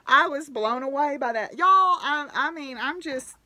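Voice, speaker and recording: Her voice sits high with a sharp tone, and there's no room sound at all. The knitting podcast host chats to camera in a casual, grateful, gushing manner, full of laughter and exclamations.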